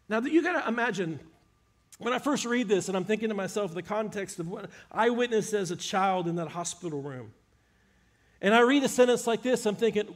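A man preaching a sermon, retelling scripture with animated, emphatic storytelling. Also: high-pitched, brisk.

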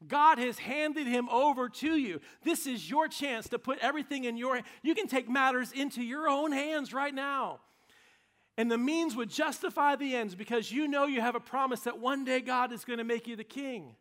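A man voicing eager soldiers who plead urgently with their leader, loud and high. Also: very animated, unhurried, hardly any pauses, full character voice.

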